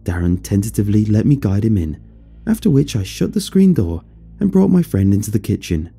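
A man tells a first-person horror story with measured, descriptive pacing. His voice is low, dark and mellow, with a gravelly, husky texture. Soft music plays faintly behind him. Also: sing-song. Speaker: narrator.

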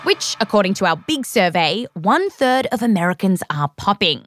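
A woman's voice: mid-range voice, very animated, moderate pace, over music. A woman with an Australian accent hosting a science show, narrating from a script in a playful, wry way and interviewing a guest. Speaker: host.

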